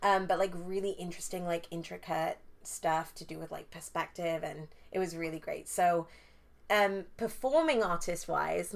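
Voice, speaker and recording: A woman's voice: on the low side, fairly bright tone. A young woman from northeast England, chatting casually as a podcast guest, with lots of fillers and restarts. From Newcastle upon Tyne, England. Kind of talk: casual chat.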